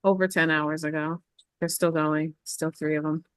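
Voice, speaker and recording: A woman's voice: low voice, level tone, normal speed, clean tone, no echo. A woman chatting casually on a video call as a game contestant, talking straight to the others.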